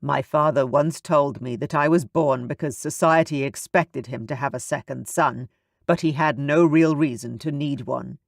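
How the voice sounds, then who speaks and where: Man reading as a serious young duke, steady and intense, dry sound. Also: fairly high pitch, moderate pace, creaky, dry recording. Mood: earnest. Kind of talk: audiobook character voice.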